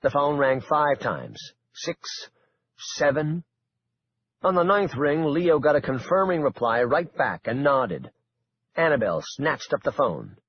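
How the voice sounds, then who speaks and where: Expressive male audiobook narrator. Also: fairly high pitch, unhurried, muffled recording, slight background noise. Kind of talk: scripted suspense narration.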